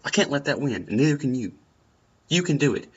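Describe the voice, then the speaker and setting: A man's voice: medium pitch, lively intonation, brisk, slightly rough. A young man giving earnest, encouraging advice in a personal talk, often repeating his phrases. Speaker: vlogger. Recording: dull lo-fi sound.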